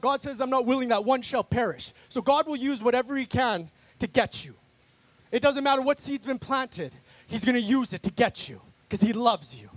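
Fairly bright in tone and extremely high in pitch, this man's voice carries no room sound. As guest speaker at an outdoor worship event in a park, he gives an emphatic, fervent testimony, repeating himself and addressing listeners as "guys."

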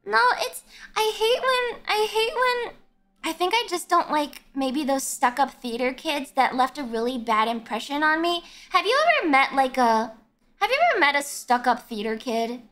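A young woman with a high, bright voice talks to her stream in a loose, ranting way. She swears freely and keeps breaking into excited yelps mid-thought. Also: normal speed. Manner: ranting, blunt, swears a lot. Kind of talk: casual livestream chat.

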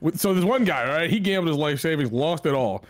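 A man's voice: a little high, animated, a little fast. A young man chatting during an online game, rambling through stories and swearing freely. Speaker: gaming streamer guest. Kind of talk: casual gaming chat.

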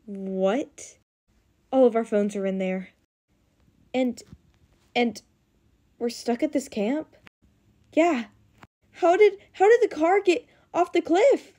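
High-voiced young woman, unhurried. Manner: dramatic teen dialogue, excitable. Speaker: voice-over storyteller. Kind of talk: acted cartoon story voicing all roles.

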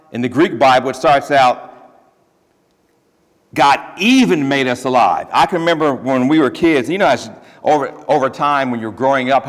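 A man's voice: mid-range voice, a bit bright. A man preaching a sermon as pastor, talking in an emphatic, conversational way with plain everyday phrases. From Ohio. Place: church sanctuary. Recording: long church reverb.

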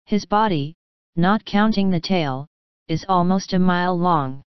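A woman voicing a calm, resigned tunny fish with a rough voice, speaking in a dignified, philosophical way in a storybook reading. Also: fairly low pitch, measured pace, no echo, lightly acted. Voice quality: rough, like an out-of-tune guitar. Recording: slightly muffled, dry.

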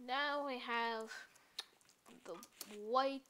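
Slow-talking woman counting blocks aloud. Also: fairly high pitch, fairly bright tone, a little hiss or hum. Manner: counts blocks aloud and talks to herself while building; chatty and playful, with little apologies to viewers. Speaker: Minecraft builder giving a build tutorial. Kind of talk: casual gameplay tutorial narration.

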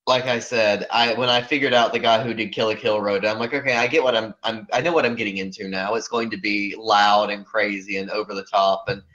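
A man's voice: on the low side, steady tone, a little fast, few pauses, bright, forceful tone. Rambling man on a muffled podcast mic. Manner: rambling, with many fillers and hedges. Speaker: podcast co-host. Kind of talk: casual podcast discussion.

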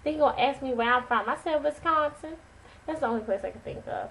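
A woman vlogger telling a story to camera in a casual, animated, chatty way. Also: sits high, fast talker, creaky, a little hiss or hum, poor audio. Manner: animated, chatty, dramatic retelling.

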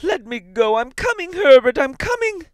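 A man voicing a grief-crazed old mother in a loud, desperate falsetto, screaming and pleading. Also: sing-song, normal speed, dry recording, studio quality. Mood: frantic.

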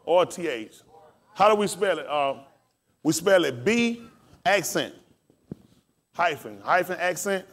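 A man's voice: on the high side, very animated, a little slow, pauses often, fairly bright tone. Male pastor, preaching in call-and-response and spelling out words. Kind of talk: sermon and scripture teaching.

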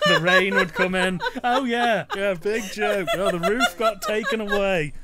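A man's voice: high voice, big pitch swings, a little slow. A man, riffing sarcastically in casual comedic commentary. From England. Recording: noisy home recording.

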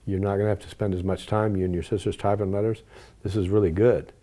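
An older man telling personal stories in an interview, earnest and animated when he quotes what people said. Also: on the low side, fast. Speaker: interview guest. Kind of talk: personal storytelling.

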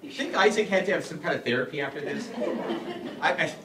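A man's voice: on the high side, animated, quick pace, noisy background. A middle-aged man giving a conversational teaching talk at a parish adult education evening, humorous and often putting questions to the audience. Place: parish hall. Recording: echoey hall, mic far off.

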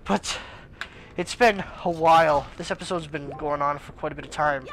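A man's voice: a little high, moderate pace, a bit bright, slight background noise, low-quality recording. A young man commentating his own gameplay as a let's play host, exasperated and exclaiming at the game.

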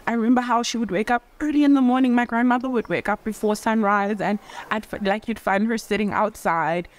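A young woman talking casually to camera in a vlog, theatrical and animated, talking with her hands and dotting her speech with "like". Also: fairly high pitch, brisk. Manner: chatty, full of "like" fillers. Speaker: vlogger. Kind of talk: casual reflective vlog talk.

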